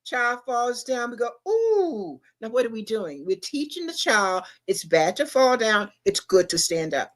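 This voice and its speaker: A woman's voice: on the high side, lively intonation, normal speed, hardly any pauses. A middle-aged woman talks in a casual livestream show as co-host. She speaks emphatically and a little preachily. She keeps asking the listener rhetorical questions. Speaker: podcast co-host.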